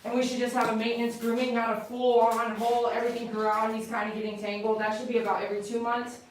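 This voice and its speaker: A chatty woman groomer talks a client through her work and coaxes the dog between remarks. Her fairly high voice bounces around a very echoey salon room, picked up from a distance off the mic, with a faint noise underneath. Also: level tone, fast. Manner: chatty, coaxing the dog and explaining as she works. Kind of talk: explaining a grooming to a client on camera.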